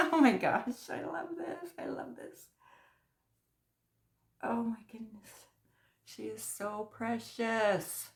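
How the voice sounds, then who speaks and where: A woman hosting a crochet channel, chatting casually as she unboxes mail, gushing and excitable, often dropping to a soft near-whisper. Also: medium pitch. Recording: echoey room.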